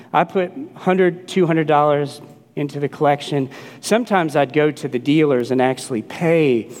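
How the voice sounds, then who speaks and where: A middle-aged man from New Orleans preaching a sermon, telling stories emphatically and acting out the quoted voices. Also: on the high side. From New Orleans, USA. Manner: animated storytelling, emphatic, acts out quoted voices. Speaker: pastor. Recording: long hall reverb.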